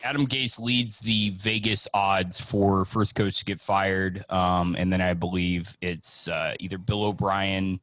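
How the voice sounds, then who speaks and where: A man hosting a casual sports podcast, chatty and excitable as he leads the talk. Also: sits low, unhurried, hardly any pauses. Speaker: host.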